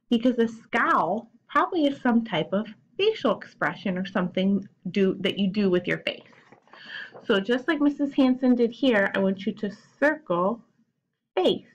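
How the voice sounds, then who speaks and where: Slow, patient woman teacher explaining. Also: fairly high pitch, lo-fi sound. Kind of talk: recorded classroom lesson for children.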